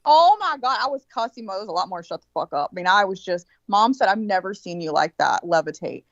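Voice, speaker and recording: A woman's voice: lowish voice, fast talker, a bit bright, no room sound, highs cut off. A woman in casual chat, telling a vivid, profane story and acting out the quotes of the people in it. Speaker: birthday guest.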